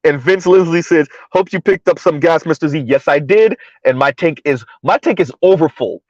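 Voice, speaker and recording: A man's voice: on the high side, normal speed, darkish tone, dry recording. A man hosting a casual livestream, talking through social topics and reading chat messages aloud, repeating words as he goes. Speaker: livestream host. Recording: dull lo-fi livestream audio.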